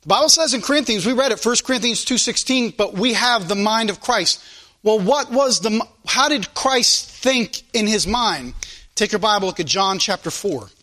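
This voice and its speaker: Male preacher, high bright voice, church sermon that swings between loud and quiet. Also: lively intonation, normal speed. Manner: preaching with sudden rises and drops in loudness. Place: church service.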